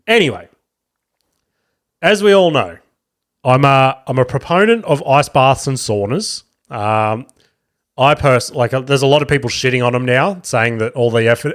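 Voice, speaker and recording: A man in his thirties hosts his own podcast and rambles through family anecdotes in a loose, self-mocking way. He swears freely and his voice sits at an ordinary pitch for a man. It is a close podcast-mic recording. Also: normal speed. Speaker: podcast host. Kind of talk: casual comedic storytelling.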